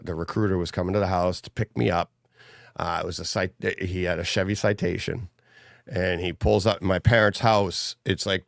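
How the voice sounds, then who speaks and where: A man's voice: low-pitched, gravelly, no room sound, clean studio sound. A middle-aged man, a podcast guest, telling rambling family stories in casual chat and laughing as he goes. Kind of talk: casual storytelling.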